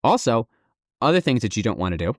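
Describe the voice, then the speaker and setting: A man co-hosting a podcast in casual chat, swearing freely and joking with animated energy. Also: mid-range voice, fast, no room sound, studio quality. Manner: profane, animated, jokey. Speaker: podcast co-host.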